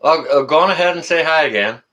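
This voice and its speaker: A man's voice: fairly high pitch, animated, fast talker, sharp tone. A man hosting a casual live stream, rambling, teasing his guest and reading out viewer comments.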